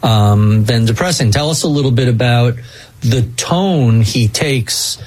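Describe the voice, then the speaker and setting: Husky-voiced male radio host. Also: mid-range voice, a little mellow, rough recording. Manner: measured, thoughtful, wraps up with thanks. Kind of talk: radio interview.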